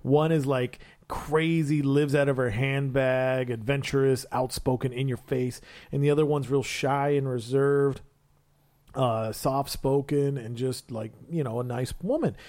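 A man's voice: mid-range voice, steady tone, a little slow, darkish tone. A man co-hosting a podcast, retelling a comic book story in casual chat and acting out quotes in funny voices. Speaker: podcast co-host.

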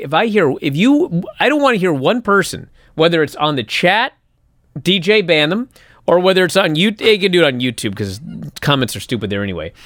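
A man's voice: on the high side, a bit bright, dry recording, clean studio sound. A man co-hosting a casual wrestling talk show, bantering sarcastically. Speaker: podcast co-host.

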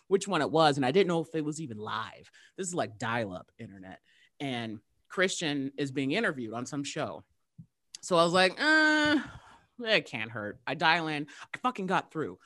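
A woman from California, a podcast guest, telling a story casually and acting out excited quotes. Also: sits low, no echo, clean studio sound. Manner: lively, jumps into excited character voices; casual, uses mild swearing. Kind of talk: animated storytelling in conversation.

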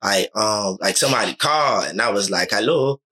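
A man with a lowish, expressive voice talks briskly and sharply in a relaxed podcast chat. He rambles through his stories, packing them with "likes," fillers, and restarts.

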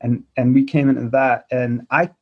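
This podcast guest, a forties-aged Scot with hints of South Africa in his speech, rambles through his life story with frequent restarts and "like" fillers. His breathy, medium-pitched voice moves at a moderate pace with little pitch movement, over dull lo-fi sound.

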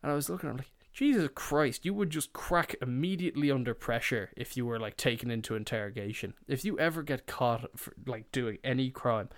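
A young male podcast host tells rambling, sweary comedic stories, slipping into put-on voices along the way. His medium-pitched voice races along with hardly any pauses in this casual comedic storytelling.

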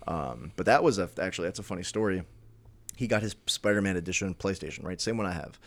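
A man's voice: low voice, lively intonation, fast, dry recording. A man co-hosting a podcast, telling a long story in casual chat with lots of fillers and restarts. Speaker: podcast co-host.

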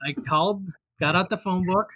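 A man with a fairly high, bright voice tells a long personal story in easy conversation. He rambles, backtracks and fills pauses with "um" and "you know", slipping into the voices of the people he quotes. The sound is dry and close, with no room around it. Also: dry recording. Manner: rambling, many fillers and restarts. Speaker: guest storyteller. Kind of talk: casual anecdote.

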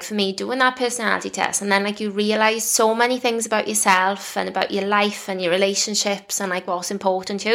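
A woman's voice: medium pitch, a bit bright. A woman in her thirties with a British accent, hosting a podcast in a chatty, confiding way with lots of "like" fillers. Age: 30s. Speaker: podcast host. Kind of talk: casual solo podcast chat.

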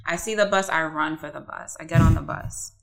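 A young woman telling a story in casual podcast chat, animated and full of swearing and fillers. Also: deep voice, a little fast, soft background music. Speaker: podcast co-host.

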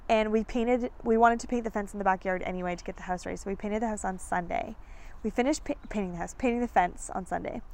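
A woman in her thirties, a podcast host telling a story in an animated, chatty way. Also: mid-range voice, quick pace. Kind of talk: casual storytelling chat.

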